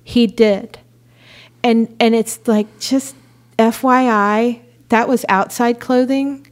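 A woman in a faith-based conversation, telling stories in an animated way and laughing as she talks. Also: on the high side, takes it slowly.

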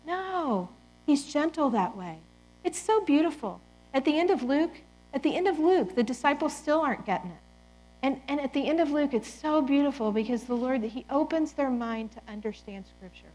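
A woman in her forties giving a lively, conversational Christian talk to parents, often quoting scripture as if speaking the words herself. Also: high-pitched, normal speed. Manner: animated, conversational, quotes scripture in character. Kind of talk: talk to a church audience.

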